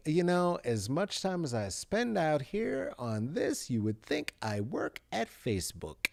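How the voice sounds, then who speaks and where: A man's voice: on the high side, sing-song, slow, creaky, few pauses, no echo, studio quality. A man hosting a podcast, signing off in a rambling, jokey way and swearing often. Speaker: podcast host. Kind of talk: comedic podcast sign-off.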